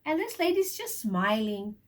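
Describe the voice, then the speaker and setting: A woman's voice: a little high, normal speed. A woman teacher reading a picture book aloud to young children, asking them questions as she goes. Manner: warm, animated storytelling with questions to children.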